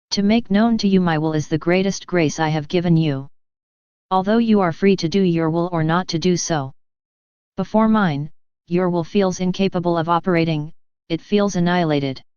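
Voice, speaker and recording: Jesus speaks as a calm, loving divine man, read by a devotional reader. The delivery is slow and measured, with a very smooth voice. The sound is dry and close, on a dull, lo-fi recording. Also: mid-range voice, no room sound, lightly acted. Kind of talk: devotional reading.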